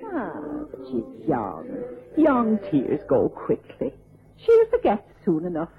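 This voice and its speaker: A woman's voice: a little high, huge pitch swings, slow pace, vocal fry, faint music behind, exaggerated voice. An actress playing a grieving old Irish mother, brooding and lamenting, in old-time radio drama with an Irish accent, heard through a narrow, lo-fi old radio recording. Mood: mournful.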